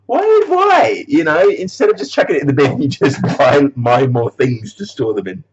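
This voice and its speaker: A man's voice: medium pitch, very animated, brisk, a little mellow, lo-fi sound, slight background noise. A man chatting casually in a rambling way on his video blog. He laughs often, swears freely and trails off mid-thought. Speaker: animator vlogger.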